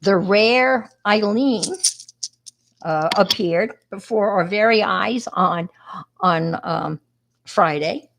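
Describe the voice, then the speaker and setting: A woman's voice: medium pitch, slow pace, vocal fry, background noise. A middle-aged woman with a New York accent, chatting casually with viewers on a crafting livestream and greeting them by name.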